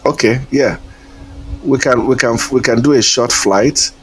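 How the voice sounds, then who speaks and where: A man's voice: medium pitch, a little slow, a little hiss or hum. A man streaming a flight simulator, chatting casually in a rambling, hesitant way and chuckling often. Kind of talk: casual live-stream chat.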